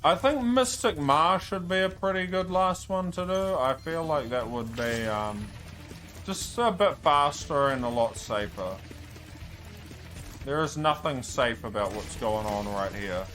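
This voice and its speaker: A man commenting on his own speedrun as he plays, talking to himself, often frustrated, swearing and shouting at enemies. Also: on the high side, expressive, a little slow, soft background music. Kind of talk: live gameplay commentary.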